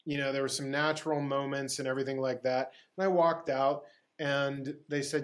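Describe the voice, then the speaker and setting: A man's voice: medium pitch, steady tone, moderate pace. A middle-aged man from Pittsburgh, a guest actor on a podcast, telling anecdotes in a casual style, acting out dialogue and laughing often. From Pittsburgh, USA. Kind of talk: casual storytelling interview.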